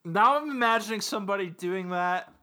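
A man's voice: high-pitched, brisk, sharp tone. A man on a podcast, casually recapping an episode, rambling with lots of ums and little laughs. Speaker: podcast co-host.

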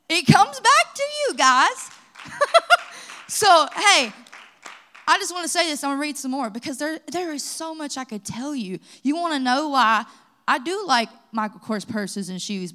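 A woman from the pastoral staff with a Kentucky accent, preaching at a church Bible study and mixing personal testimony with scripture. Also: high voice. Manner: lively storytelling, rising to exhortation. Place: church sanctuary.

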